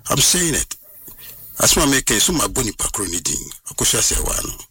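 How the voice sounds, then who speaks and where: A man, recounting a personal story as an interview guest in an animated way and slipping into English phrases. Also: lowish voice, brisk, breathy edge, recorded from a distance. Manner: animated, mixes in English phrases, acts out what others said.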